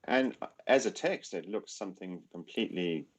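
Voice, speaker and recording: Male podcast host, lower register, relaxed storytelling chat, animated delivery. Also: normal speed. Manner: animated, acts out quoted voices. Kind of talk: casual chat.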